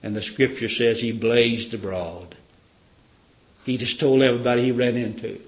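A man's voice: mid-range voice, fairly even intonation, moderate pace. Male preacher, fervent storyteller; roomy, lo-fi sermon recording. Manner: fervent storytelling, rhetorical questions.

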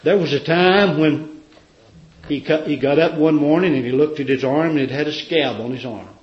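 A man's voice: fairly high pitch, normal speed. Male preacher, fervent storyteller; roomy, lo-fi sermon recording. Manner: fervent storytelling, rhetorical questions.

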